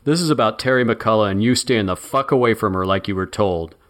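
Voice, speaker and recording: A man's voice: fairly low pitch, brisk, fairly bright tone, lightly acted. A man voicing a menacing male thug who taunts his captive. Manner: taunting, sneering.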